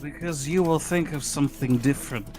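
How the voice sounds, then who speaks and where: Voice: mid-range voice, brisk, dark tone, faint music behind. A speaker on a gaming stream with dry, mock-formal humor. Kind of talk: casual gaming chat.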